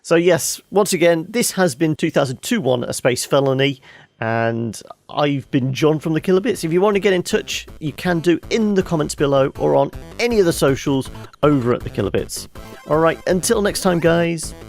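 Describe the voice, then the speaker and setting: A man's voice: on the high side, lively intonation, moderate pace, a little mellow. A man hosting a casual let's play video, chatting and wrapping up with asides. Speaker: game video host. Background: game music.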